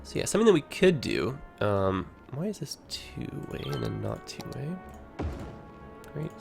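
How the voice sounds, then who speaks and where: A man with a Toronto Canadian accent gives casual commentary on his game stream, chatty and loose with filler words. His voice is gravelly and swings up and down a lot. Faint music runs underneath. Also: mid-range voice, huge pitch swings, unhurried. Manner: chatty, full of "like" and "you know". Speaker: livestreamer.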